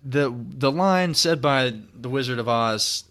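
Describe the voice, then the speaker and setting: A man's voice: mid-range voice, slow, fairly bright tone. A man in his twenties hosting a podcast, chatting casually in a rambling, reflective way with many restarts. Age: 20s. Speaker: podcast host. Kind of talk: casual chat.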